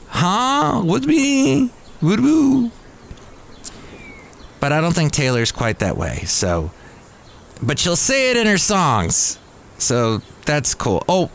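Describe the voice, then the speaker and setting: A man's voice: mid-range voice, a bit bright, a little hiss or hum. A man hosting a podcast in a casual monologue who rambles and corrects himself aloud. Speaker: podcast host.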